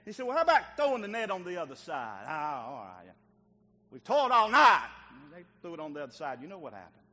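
A man pastor preaching a sermon in a church, acting out the voices of biblical figures and swinging between loud calls and quiet, tender passages. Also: on the high side, huge pitch swings, fairly quick, long reverb tail. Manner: dramatic preaching, acts out biblical dialogue, swings loud to soft. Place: church sanctuary.

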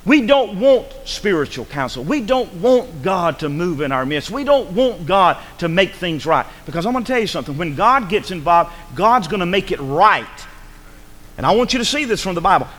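A man's voice: high voice, fairly bright tone, in a large hall. A male pastor preaching a sermon in a church, urgent and rhetorical, pressing his listeners with repeated questions. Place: church sanctuary.

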